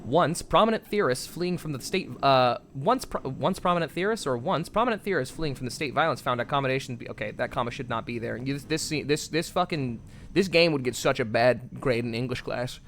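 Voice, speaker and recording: A man's voice: medium pitch, lively intonation, a little fast, a bit bright, slight background noise. A man streaming a game, reading its text aloud with stumbles and swearing at himself in a self-mocking way.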